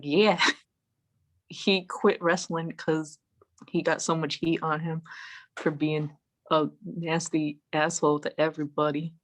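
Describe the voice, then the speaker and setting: Profane woman telling a story. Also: sits low. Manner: profane, animated storytelling with acted-out quotes. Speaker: podcast guest. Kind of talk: casual storytelling chat. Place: home, remote call.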